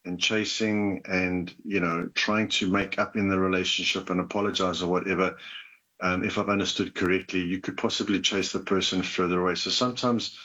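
A man hosts a relationship advice show, counselling a caller in a gentle, measured way. His voice sits on the low side. The recording is somewhat muffled and lo-fi. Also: level tone. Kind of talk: advice call-in talk.

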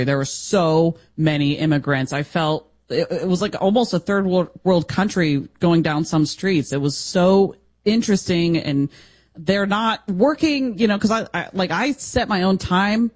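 A man from the United States co-hosting a radio show, telling travel stories in an animated way and laughing often. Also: a little high. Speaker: radio co-host. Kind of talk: casual radio chat.

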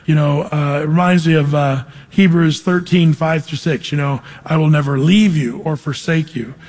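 A man preaching an expository Bible teaching, animated and conversational, asking his congregation questions as he reads the passage. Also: fairly high pitch, normal speed. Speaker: pastor. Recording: long hall reverb.

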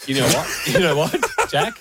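A man's voice: fairly high pitch, normal speed, very noisy. A man co-hosting a podcast in casual chat. He sounds upbeat, sets up comedy bits and laughs often. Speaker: podcast co-host.

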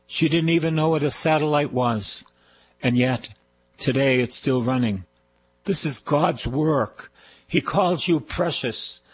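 A man's voice: mid-range voice, husky, poor audio. An older man with a Boston accent preaching a fervent radio sermon, repeating phrases of praise. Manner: fervent, repetitive preaching with call-and-response praise.

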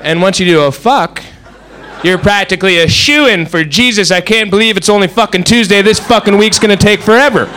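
A man's voice: high-pitched, brisk, pushed and bright, slight background noise. A man doing a sardonic stand-up routine with mock-enthusiastic storytelling. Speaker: stand-up comedian.

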